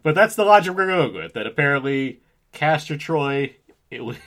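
A man's voice: on the high side, animated, moderate pace, fairly bright tone. A man co-hosting a casual movie commentary, laughing often, talking loosely and swearing. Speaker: podcast co-host.

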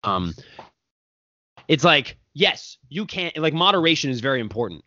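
A man's voice: on the high side, very animated, normal speed, pushed and bright, no echo. A man hosting a podcast interview, rambling through his questions with lots of fillers and frequent laughter. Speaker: podcast host. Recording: dry, dull lo-fi sound.

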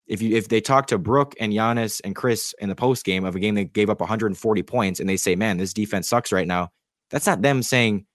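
A man's voice: lowish voice, brisk, few pauses, no echo, studio quality. A man co-hosting a sports talk show, arguing his point in a casual, incredulous way with plenty of fillers. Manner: conversational, incredulous, many fillers. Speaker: sports radio co-host.

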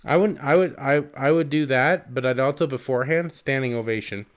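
A young man co-hosting a casual movie podcast. He talks excitedly, swears often and fills his talk with "like". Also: medium pitch, fairly quick. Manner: excitable, swears a lot, lots of "like". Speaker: podcast co-host. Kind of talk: casual movie review chat.

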